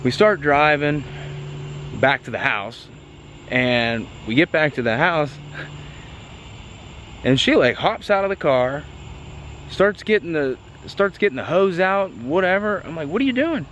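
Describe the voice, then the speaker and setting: A man vlogging about a car, telling a story to the camera in a chatty, excitable way with lots of fillers. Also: fairly high pitch, measured pace, long pauses, a little hiss or hum.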